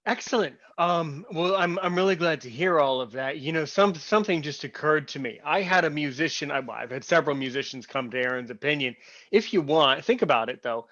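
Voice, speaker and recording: Bright-voiced podcast host on a dull line. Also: male voice, fairly high pitch, expressive, brisk, no room sound. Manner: encouraging, friendly and talkative. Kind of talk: casual podcast interview.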